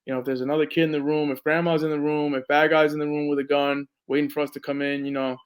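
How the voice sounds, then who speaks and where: A man's voice: a little high, flat delivery, fast, clean tone. A man, a veteran and police officer, talking earnestly as a podcast guest with lots of fillers. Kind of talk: casual interview talk.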